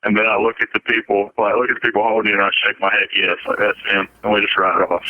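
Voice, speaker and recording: A man tells rambling, profane, joking stories in a relaxed podcast chat. His voice sits fairly low. The recording is dry and narrow, like a phone line. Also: very fast, dry recording. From Alabama. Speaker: podcast co-host. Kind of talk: casual chat.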